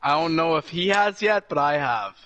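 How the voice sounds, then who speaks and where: A man's voice: a little high, lively intonation, moderate pace, a bit bright. A young man gaming with a friend, laughing and defending himself in casual banter. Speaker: gaming teammate.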